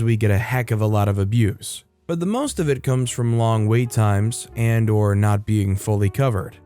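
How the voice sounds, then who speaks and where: A man hosting a story channel, reading stories aloud in a brisk, upbeat narration style. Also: mid-range voice, darkish tone, smooth.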